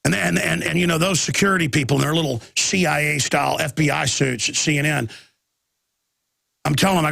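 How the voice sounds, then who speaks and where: A man's voice: on the high side, brisk, gravelly, bright, forceful tone, no echo, clean studio sound. A man hosting a talk radio show, rambling and agitated with many restarts, talking through a chest cold with coughing.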